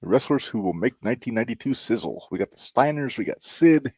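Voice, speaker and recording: A man's voice: mid-range voice, expressive, quick pace, warm tone, husky, dry recording, studio quality. A man co-hosting a casual wrestling podcast, joking and chatting loosely as he runs through the segments. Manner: joking, talks to himself while working. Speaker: podcast co-host.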